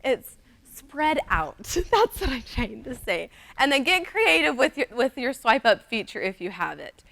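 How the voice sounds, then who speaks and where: A woman's voice: a little high, very animated, unhurried, gravelly, a bit bright. A young woman giving a chatty, upbeat conference talk, speaking straight to the audience. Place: conference room.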